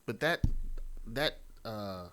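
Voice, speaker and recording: A man's voice: on the low side, animated, slow, pushed and bright, clean tone. A man hosting reaction commentary, ranting with profanity and exasperation. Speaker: commentary host.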